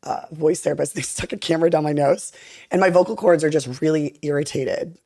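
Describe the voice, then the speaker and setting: A young woman with a raspy, deep voice, chatting casually as a podcast guest and acting out quoted lines as she tells a story. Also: fairly quick, no room sound, clean studio sound. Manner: animated storytelling, acts out quotes, frequent fillers. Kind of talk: casual chat.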